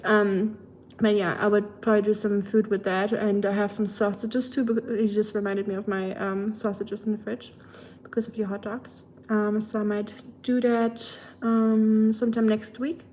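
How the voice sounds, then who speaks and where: A woman's voice: medium pitch, darkish tone. A woman with a German accent chatting casually with her livestream chat, rambling along with lots of fillers.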